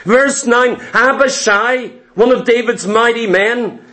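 A man preaching a sermon, retelling scripture with passion and dropping low and intense for emphasis. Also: slow pace, bright, forceful tone. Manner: impassioned, dramatic storytelling, drops low and intense for emphasis.

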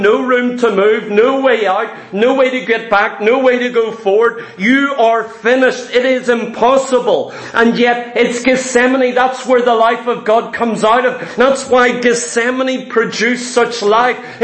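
A man's voice: very high-pitched, fairly bright tone, roomy sound. A man preaching a sermon to a congregation, emphatic and impassioned, calling out to the saints.

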